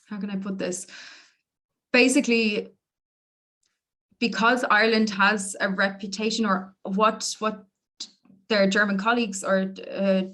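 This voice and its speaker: A woman's voice: mid-range voice, fairly bright tone. A young woman guest researcher answering questions thoughtfully, hedging her points on a video call. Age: young adult.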